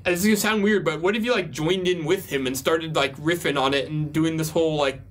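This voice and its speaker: Chatty high-voiced young man. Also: fairly even intonation, brisk. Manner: chatty, laughs often, many fillers. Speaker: co-host answering viewer questions. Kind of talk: casual advice talk.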